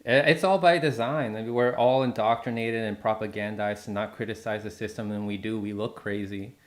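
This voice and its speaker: Low-voiced man hosting, measured. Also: fairly even intonation. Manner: measured, with frequent "um" fillers. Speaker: interview host. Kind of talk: casual interview, reading an article aloud.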